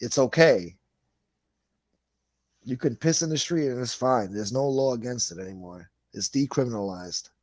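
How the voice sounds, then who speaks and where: A man's voice: medium pitch, lively intonation, normal speed, darkish tone, no echo. A man hosting a livestream in a casual chat, reading viewer comments aloud in a laid-back, rambling way and swearing freely. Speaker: livestream host.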